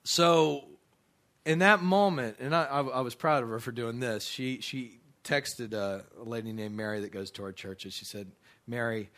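A middle-aged pastor is telling a story from the pulpit, his voice bright and forward. He talks in an animated way, restarts often, and briefly acts out the other people in the story. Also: mid-range voice, moderate pace. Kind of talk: sermon storytelling.

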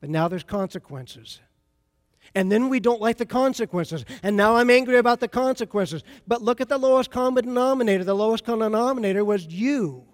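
A man preaching a sermon in a high voice, chatty and full of stories as he talks to his congregation. His voice rings through a large church sanctuary with a long reverb. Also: brisk. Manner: conversational, storytelling preacher. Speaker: pastor.

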